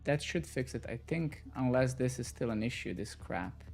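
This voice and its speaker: A man's voice: mid-range voice, expressive, normal speed, gravelly, darkish tone, faint music behind. A man live coding on a stream, thinking aloud as he works and swearing at the code when it breaks. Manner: muttering to himself, swearing in frustration.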